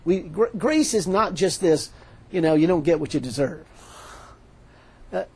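Animated man preaching, gravelly and husky. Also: on the high side, measured pace, poor audio. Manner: animated preaching, retelling a story with quoted dialogue. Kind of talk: sermon.

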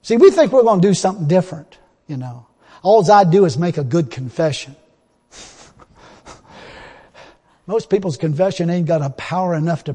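A high, faintly raspy male voice preaches in simple, down-home speech, the sound trailing off into the long reverberation of a church hall. His delivery shifts from forceful, pressing appeals to soft, confidential asides.

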